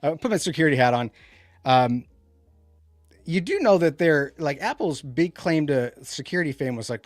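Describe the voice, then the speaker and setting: A man co-hosting a tech podcast, talking in a casual, rambling way with animated sarcastic asides. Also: fairly high pitch, normal speed, dry recording, faint music behind. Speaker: podcast co-host.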